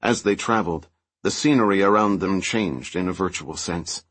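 A man narrating an audiobook with steady, even storytelling. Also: sits low, normal speed, slightly rough, no echo. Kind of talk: scripted narration.

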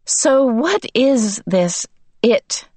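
A woman's voice: on the high side, animated, extremely slow, a little mellow, no echo, pitched above the performer's own voice, heavily acted. Stubborn teenage girl, cold, defiant, slightly raised voice, as a woman reads her, dry sound.

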